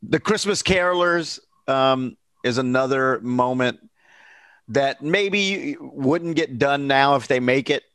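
A man co-hosting a casual chat, talking hesitantly with many fillers and quick reactions. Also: medium pitch, fairly bright tone, clear, resonant tone, no echo. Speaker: podcast co-host.

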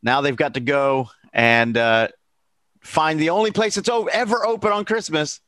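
A man co-hosting a casual chat, talking hesitantly with many fillers and quick reactions. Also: a little high, a bit bright, no echo. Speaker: podcast co-host.

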